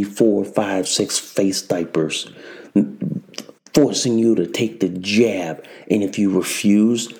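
Slow ranting show host, gravelly and kinda mellow, swearing nonstop. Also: sits low. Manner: profane, ranting, repetitive. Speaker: podcast host. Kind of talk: angry political commentary monologue.

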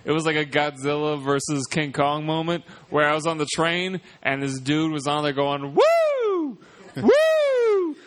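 A man's voice: fairly high pitch, level tone, moderate pace, few pauses, fairly bright tone, smooth. A man in casual chat telling a comic anecdote. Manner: comic storyteller.

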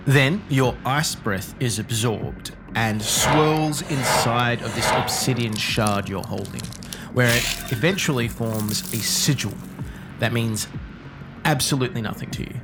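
A man narrating a tabletop game in a deliberate storytelling way. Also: medium pitch, loud music behind the voice. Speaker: game master.

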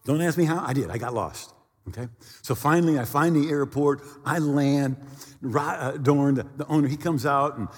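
A male pastor preaching a sermon as an animated storyteller, acting out sounds and dialogue from his story. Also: on the high side, moderate pace, husky, long reverb tail.

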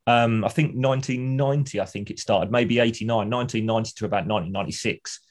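In quick, fairly low tones, this man co-hosts a podcast and eagerly recounts TV scenes, acting them out as he chats casually.

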